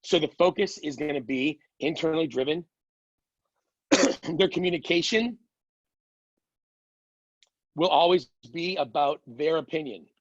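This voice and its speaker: A man's voice: a little high, no room sound, dull audio. A middle-aged man teaching a class in a casual, conversational way, telling stories and quoting others with playful voices. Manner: conversational, quick asides and playful quoted voices. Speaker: strengths coach teaching a class. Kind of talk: casual lecture with anecdotes.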